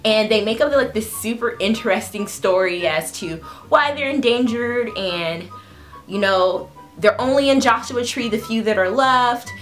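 A woman in her twenties, a food vlogger, telling a funny story in a casual, animated way, often breaking into laughs. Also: fairly high pitch, unhurried, soft background music. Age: 20s.

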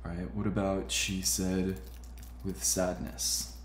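A man hosting a casual tech tutorial, explaining steps in a relaxed way with frequent fillers. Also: low voice, slow, reverberant, slight background noise. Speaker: tutorial host.

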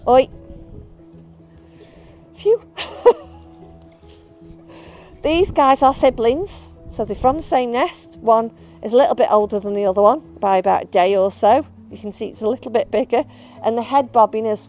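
A woman's voice: on the high side, moderate pace, warm tone, faint music behind. A woman, a bird of prey handler, chatting casually and affectionately while filming outdoors. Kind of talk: casual video update.

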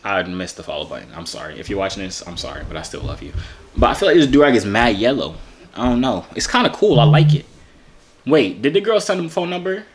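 A man's voice: on the low side, big pitch swings, fast talker. A young man from Arizona talking in a playful, joking way full of slang while he makes a casual vlog. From Arizona, USA. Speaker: YouTuber.

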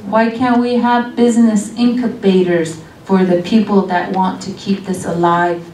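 A middle-aged woman giving a college guest lecture on weaving, speaking earnestly and reflectively with pauses. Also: medium pitch, flat delivery, a little mellow. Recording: echoey room, distant mic, faint noise.

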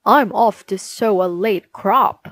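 Woman doing a sneaky farmer guy, chill and slow, storybook, dry close sound. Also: mid-range voice, a bit bright, dry recording. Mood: smug. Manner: sly, plain-spoken. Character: crafty grown male farmer.

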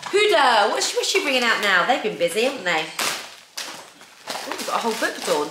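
A woman's voice: fairly high pitch, big pitch swings, normal speed. A woman in her thirties hosting a casual beauty unboxing, chatty and gushing over each product. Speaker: beauty vlogger host. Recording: echoey room with faint noise.

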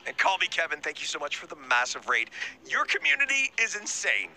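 A man game streamer on a live stream, excitable and astonished, swearing a lot as he addresses his chat. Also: on the high side, a little fast.

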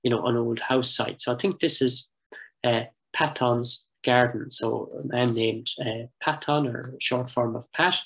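A man who coordinates a heritage project, giving an online presentation with maps and speaking in a thoughtful, measured way with frequent fillers. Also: medium pitch, steady tone, creaky, fairly bright tone, poor audio.

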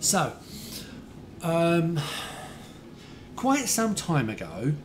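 A man's voice: on the high side, wildly swooping pitch, very slow, noisy background. A man from the UK chatting casually to his viewers while playing a building game on a live stream. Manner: chatty, talks to chat viewers, remembers their details.

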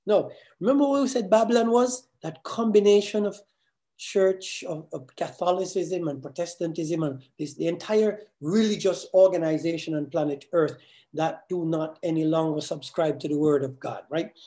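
A man preaching a verse-by-verse sermon as pastor, often repeating words and asking "right?", slowing down to stress key phrases. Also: on the high side, mellow. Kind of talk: sermon teaching on scripture.

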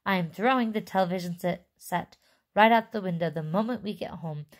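A woman voicing a sharp-tongued, irritable father while reading a storybook aloud. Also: lowish voice, brisk, close to an everyday voice. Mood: irritated. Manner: sharp, shouting. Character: gruff irritable father, fed up.

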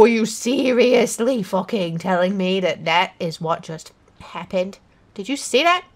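A woman gamer at home giving frustrated commentary on a game, swearing and shouting often. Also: mid-range voice, animated, measured pace, very noisy. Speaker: let's play gamer.

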